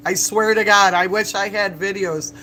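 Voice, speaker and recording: A man chatting on a live stream from a bar, telling animated stories, laughing often and swearing freely. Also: high-pitched, moderate pace, slight background noise, rough recording. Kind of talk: casual live-stream chat. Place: bar, indoors.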